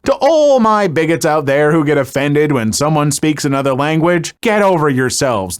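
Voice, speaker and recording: Animated, higher-pitched male story narrator. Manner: lively reading that turns to ranting, filler-heavy asides. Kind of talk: reading online stories aloud with commentary.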